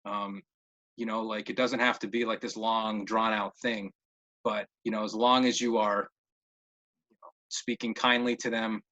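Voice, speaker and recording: A man talks through questions in a relaxed webinar, his voice bright and forward. He restarts phrases and doubles words as he works out his answers. The call audio is slightly dull and muffled. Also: fairly low pitch, normal speed, long pauses. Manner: repeats words while thinking, many fillers. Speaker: behavior interventionist answering questions. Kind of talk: casual webinar Q&A.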